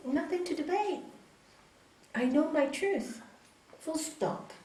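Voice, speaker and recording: A woman teaching a spiritual yoga course to a small group, talking in a lively way and acting out what other people say. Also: sits high, slow. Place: yoga hall, indoors. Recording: echoey hall, mic far off, faint hiss.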